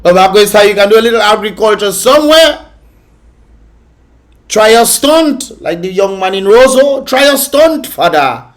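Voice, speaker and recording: A man's voice: sits high, animated, moderate pace. Male vlog host, raised voice, scolding reaction commentary. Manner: scolding, mocking and laughing often.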